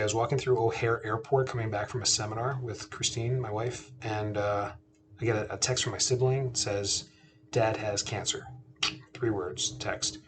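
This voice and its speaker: A man, a chiropractor and podcast host, telling a family story in a casual, earnest, conversational way. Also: fairly low pitch. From Canada. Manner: earnest, conversational, quotes himself and his father.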